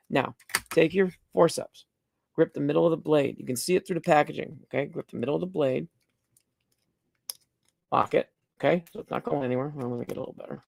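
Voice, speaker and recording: A man's voice: fairly high pitch, creaky. A man hosting a live stream, casually demonstrating lab safety step by step in a blunt, repetitive way, swearing now and then. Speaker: streaming host teaching mycology safety. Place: dim room at home.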